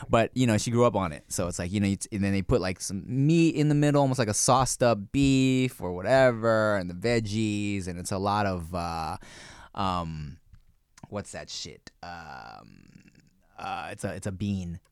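A man's voice: lowish voice, normal speed, clear, resonant tone, dry recording, studio quality. A man in his thirties co-hosting a casual podcast chat, rambling with lots of fillers and restarts. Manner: rambling, many fillers and restarts, laughs often. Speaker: podcast co-host.

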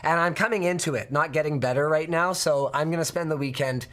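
Hoarse, sick man ranting on a podcast. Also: fairly high pitch, a little fast, a bit bright. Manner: exasperated, ranting. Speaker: show host. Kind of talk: casual podcast chat.

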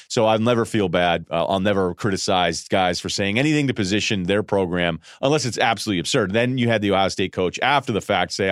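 Sarcastic sports podcast host, dry sound. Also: male voice, lowish voice, fast, hardly any pauses, no echo. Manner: animated, sarcastic, mimics people in voices. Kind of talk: solo sports commentary monologue.

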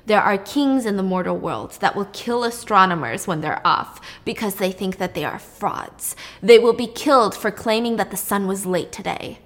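A woman's voice: medium pitch, normal speed, hardly any pauses, natural voice. A woman voicing a proud, ruthless male sun god in a casual retelling. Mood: haughty.

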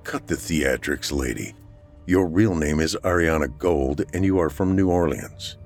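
A man voicing a guarded male art thief who speaks in a calm, measured and mocking way. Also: extremely low pitch, soft background music. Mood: scornful.

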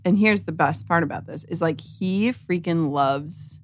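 Woman, 30s, podcast guest; lively storyteller, lowish voice. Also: measured pace. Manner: animated storyteller, acts out quotes. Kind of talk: casual podcast chat.

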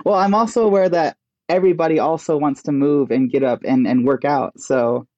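A fitness coach chatting on a podcast, giggly and rambling, with lots of fillers. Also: male voice, fairly high pitch, steady tone, a little fast, mellow, no echo, muffled recording. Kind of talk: casual podcast chat.

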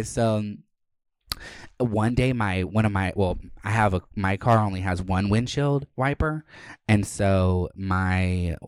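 A man's voice: low voice, no echo. A young man hosting a podcast, telling a story in a rambling, profane, casual way. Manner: rambling, profane, lots of "like" fillers. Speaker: podcast host. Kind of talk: casual chat.

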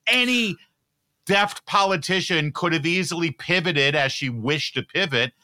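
A man's voice: a little high, unhurried, sharp tone, no room sound, clean studio sound. A man speaking as a guest commentator on a political talk show, emphatic and driving points home by repeating phrases.

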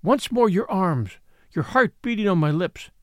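A man voicing a merry, passionate young woman who cries out excitedly, in an English accent, in an audiobook reading. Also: medium pitch, a little slow, dry recording, clean studio sound, voice pushed up, natural voice.

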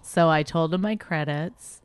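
A middle-aged woman comedian co-hosting a casual chat, telling stories with animation and leaping into a high voice when she quotes people. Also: unhurried, clear, resonant tone, no room sound. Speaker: podcast co-host and comedian.

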